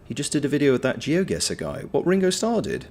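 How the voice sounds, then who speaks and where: A man and voice actor giving live-stream gameplay commentary, swearing freely as he yells at the game and chats with viewers. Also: a little high, quick pace, a little hiss or hum. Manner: animated, swears freely, talks to the game and to chat.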